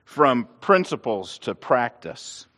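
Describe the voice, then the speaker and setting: Preacher, lively sermon storyteller, swooping intonation, bright tone. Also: male voice, mid-range voice, slow pace. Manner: animated storytelling with restarts. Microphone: clip-on lapel mic. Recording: long hall reverb.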